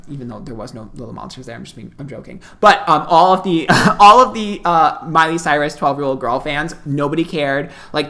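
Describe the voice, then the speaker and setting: Chatty woman telling a storytime. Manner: chatty, animated, laughs a lot; quotes people in loud high squeals. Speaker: vlogger. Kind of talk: casual storytime.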